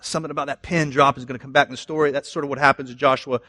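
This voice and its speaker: A man preaching a sermon in an animated way, moving between loud emphasis and quiet asides. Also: mid-range voice, racing, no echo, studio quality. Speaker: pastor.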